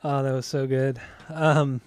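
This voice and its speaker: A man co-hosting a music podcast in casual chat, relaxed and enthusiastic as he talks through the music. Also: medium pitch, measured pace, background noise. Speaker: podcast co-host.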